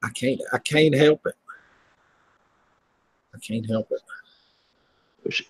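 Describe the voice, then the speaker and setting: A man's voice: mid-range voice, drawn-out words, breathy edge, dry recording, poor audio. Chatty Southern man hosting a livestream. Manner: chatty, laughs easily, rambling. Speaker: livestream host. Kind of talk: casual livestream chat.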